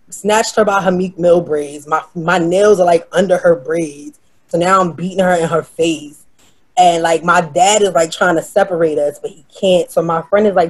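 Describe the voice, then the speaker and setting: Brash, profane woman from New York; casual storyteller who acts out the quotes. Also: on the low side. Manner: brash, profane, animated retelling with quoted voices.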